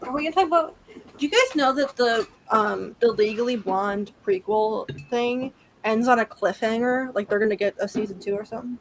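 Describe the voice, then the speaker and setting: A woman chatting excitably in a casual group conversation. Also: on the high side, fairly quick, slight background noise, rough recording.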